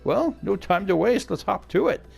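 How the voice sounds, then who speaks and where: Old master, hearty and vain, man's put-on old geezer voice, higher, lively. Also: moderate pace, creaky, faint music behind, exaggerated voice. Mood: gruff. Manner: hearty, self-satisfied.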